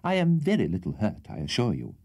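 A man voicing a soft-spoken, sentimental middle-aged gentleman in a storybook reading, with a soothing, languid delivery. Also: fairly low pitch, wildly swooping pitch, fairly quick, husky, dry recording, clean studio sound, full character voice.

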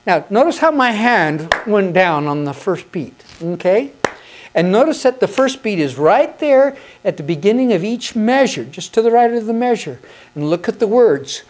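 A woman's voice: medium pitch, sing-song, moderate pace, darkish tone, slight background noise. A woman giving a patient, encouraging lesson on conducting hymns, counting the beats aloud. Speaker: music teacher.

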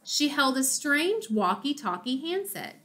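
A woman narrating a children's chapter book in an expressive storytelling manner. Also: high-pitched, unhurried. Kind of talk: children's audiobook reading.

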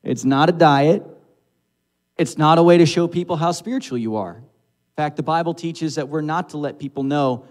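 A man's voice: a little high, normal speed, a little mellow. Conversational male preacher. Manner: conversational, asks the congregation rhetorical questions. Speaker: pastor. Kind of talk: sermon. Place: church sanctuary.

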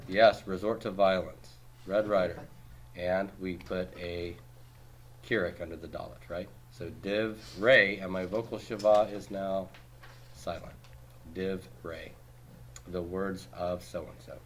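A man with a fairly low voice leads a classroom homework review, firing off questions and answering them himself. He keeps a brisk pace and drops the odd dry joke. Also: fairly even intonation, slight background noise. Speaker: Hebrew teacher.

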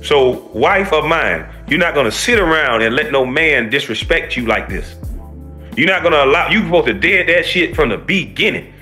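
A man delivers a profane, preachy rant as a reaction commentator. His voice is bright and forceful and lifts a little high, with lively swings. Faint music plays behind him. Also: normal speed.

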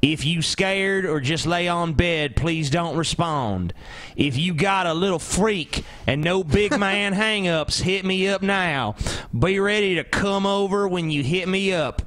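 A man co-hosting a comedy podcast, talking in a laid-back, deadpan and teasing way. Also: high voice, measured pace. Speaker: podcast co-host.

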